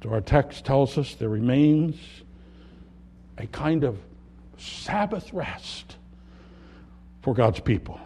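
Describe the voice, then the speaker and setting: A man preaching a sermon, earnest, rising loud on key words and dropping soft at the ends of thoughts. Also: mid-range voice, unhurried, breathy edge. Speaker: pastor.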